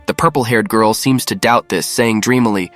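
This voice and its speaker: A man reading a scripted story recap in an even, matter-of-fact way. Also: lowish voice, normal speed, dry recording, faint music behind. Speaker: narrator. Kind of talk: scripted narration.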